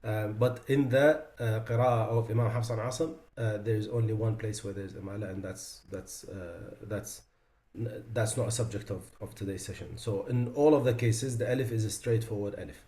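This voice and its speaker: A man teaching Quran recitation, explaining pronunciation mistakes and slowly demonstrating the right and wrong sounds. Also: fairly low pitch, fairly even intonation, warm tone. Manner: demonstrates pronunciations slowly and with emphasis, then explains in plain speech. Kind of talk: tajweed lesson. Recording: echoey room.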